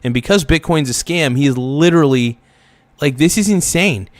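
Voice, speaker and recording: A man's voice: fairly high pitch, expressive, normal speed, dry recording. A man hosting a reaction video, ranting angrily with heavy swearing and repeated phrases. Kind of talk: angry reaction commentary.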